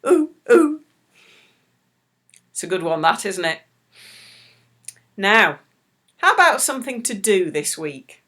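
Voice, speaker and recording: A middle-aged woman leading a children's church talk, speaking slowly and gently to small children. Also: medium pitch. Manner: slow, animated, talks warmly to small children.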